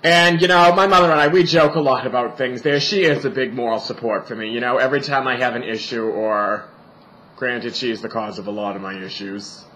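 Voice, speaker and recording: A man's voice: medium pitch, fairly even intonation, brisk, pushed and bright, low-quality recording. A young man in drag, vlogging from a family home indoors, chatting in a campy, sassy, profane and joking way. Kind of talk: campy casual vlog monologue.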